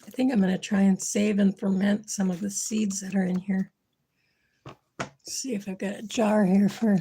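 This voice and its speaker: Woman host for a casual kitchen livestream, mellow and relaxed, a bit worn-voiced, faint background hiss. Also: mid-range voice, normal speed. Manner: chatty, thinking aloud while working. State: losing her voice.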